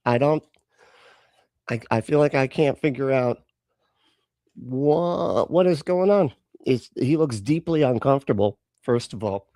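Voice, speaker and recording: A man's voice: mid-range voice, expressive, unhurried, long pauses, warm tone, no room sound, studio quality. A man hosting a live stream and reacting to clips in casual chat, sarcastic, often laughing and swearing.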